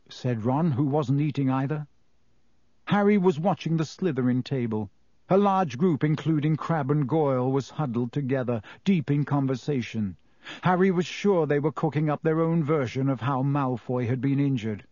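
A man's voice: mid-range voice, a little mellow, no room sound. Male audiobook narrator, dry close sound. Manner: measured storytelling. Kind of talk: scripted narration.

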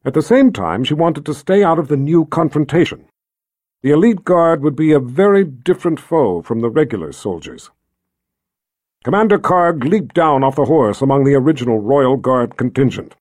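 A man narrates a fantasy novel in a steady, measured read. His voice sits a bit high, and the recording is dry and close. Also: dry recording. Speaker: audiobook narrator.

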